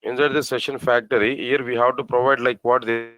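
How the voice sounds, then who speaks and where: A man at a middle pitch teaches a live coding lesson, asking his class rhetorical questions and repeating his phrases. He spells out code slowly, one part at a time. The recording is dry and close. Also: flat delivery, dry recording, dull audio. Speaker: programming teacher.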